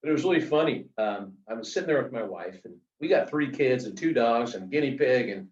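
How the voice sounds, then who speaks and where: A middle-aged man telling anecdotes in a casual, animated way, full of fillers, as an author being interviewed. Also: mid-range voice, a little fast. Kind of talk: casual storytelling. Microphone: video call. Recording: roomy, distant, dull video call audio.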